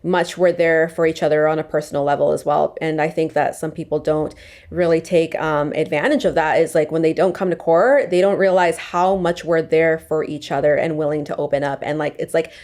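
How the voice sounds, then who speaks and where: Young woman guest, slightly low pitch, chatty filler-heavy delivery. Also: steady tone, a little fast, a little mellow. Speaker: podcast guest, sales rep. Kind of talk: casual podcast conversation.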